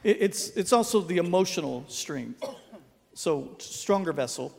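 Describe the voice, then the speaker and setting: A man preaching a sermon as pastor, joking and folksy, dropping to a hush for emphasis. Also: sits high, expressive, unhurried, gravelly, a little hiss or hum. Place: church sanctuary. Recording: long hall reverb in a sanctuary.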